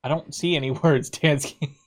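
A man's voice: a little high, fairly even intonation, normal speed. A young man with an American accent talks in a slightly raised register. He teases his friend and swears freely in loose, casual banter, and he comes through an online voice-chat mic.

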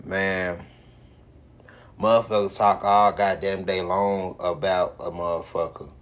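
A man's voice: low-pitched, little pitch movement, unhurried. A man hosting his own podcast, giving a profane, repetitive motivational monologue with heavy swearing. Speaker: podcast host.

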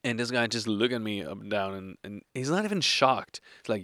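Tipsy hiker man with a gravelly voice. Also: on the low side, lively intonation, fairly quick, pushed and bright, dry recording, studio quality. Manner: hesitant, rambling, laughs often. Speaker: solo hiker vlogger. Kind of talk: casual storytelling to camera. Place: campsite outdoors.

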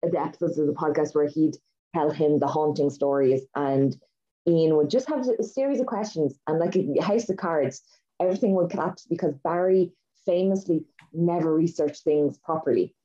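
A woman co-hosting a podcast tells a story in casual chat, her voice sitting low and warm at a normal speed. She's enthusiastic and rambling with lots of fillers, and the recording has a dull lo-fi sound.

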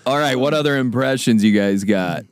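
A man co-hosting a comedy podcast in casual chat, excitable and quick to laugh. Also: medium pitch, no room sound, clean studio sound. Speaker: podcast co-host.

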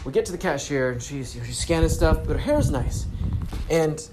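A man's voice: on the high side, lively intonation, a little fast, over music. A young man telling a casual story in a self-help vlog, laid-back, swearing freely and using spiritual catchphrases. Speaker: vlogger. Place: grocery store trip, talking on the go.

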